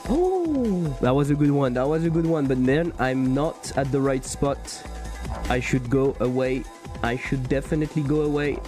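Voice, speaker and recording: French-accented male game-dev streamer, mid pitch, excitable, cusses, self-deprecating, faint music bed. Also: moderate pace. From France. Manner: excitable, swears often, self-mocking. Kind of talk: casual live-stream commentary while coding.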